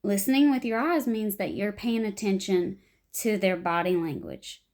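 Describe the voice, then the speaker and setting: A young woman explaining improv to beginners, animated and acting out short example lines. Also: medium pitch, moderate pace. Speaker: improv teacher.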